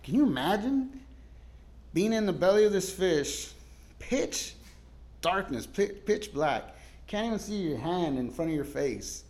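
A male guest pastor giving a sermon in a casual, storytelling way, laughing often and moving between loud cries and quiet asides. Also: high-pitched, big pitch swings, a little slow.

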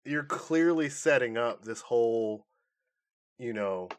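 A man's voice: mid-range voice, takes it slowly. A male co-host of a pop-culture podcast, chatting casually and animatedly and laughing often. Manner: animated, laughs a lot, acts out quotes in silly voices.

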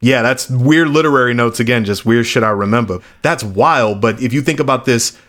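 A man's voice: mid-range voice, fairly quick, a bit bright. A man, a battle rapper from the Chicago area, telling stories in a loose, casual interview and acting out quoted voices.

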